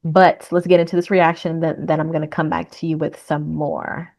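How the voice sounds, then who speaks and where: A woman's voice: low voice, flat delivery, normal speed, a little mellow. A woman hosting a casual reaction vlog, chatty, laughing often and repeating herself. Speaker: host.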